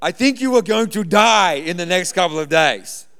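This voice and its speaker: A man voicing an old excitable Croatian man with a Croatian accent, loudly scolding and alarmed. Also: sits high, normal speed, clean tone, in a large hall, voice pushed up.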